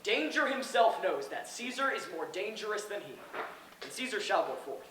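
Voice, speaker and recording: A man's voice: sits high, very animated, moderate pace. A man playing proud, defiant Caesar. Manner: boastful, declamatory, talks of himself by name. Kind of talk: outdoor stage acting. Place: outdoor lawn stage. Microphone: far camera. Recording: distant, echoey open-air stage recording with noise.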